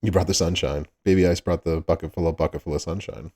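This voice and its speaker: A man's voice: low voice, fairly even intonation, fast, mellow. A man hosting a casual livestream, greeting chat viewers by name and laughing often. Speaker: livestream host.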